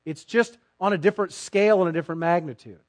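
A man preaching a sermon as pastor, sarcastic and animated, acting out mock quotes from people he disagrees with. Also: high-pitched, quick pace, no room sound.

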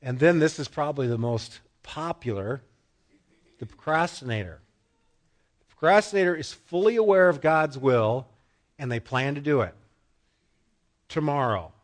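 Middle-aged male pastor, emphatic sermon delivery, repeats lines for weight, slightly high voice. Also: lively intonation, moderate pace, pauses often. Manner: emphatic, acts out quoted voices, repeats phrases.

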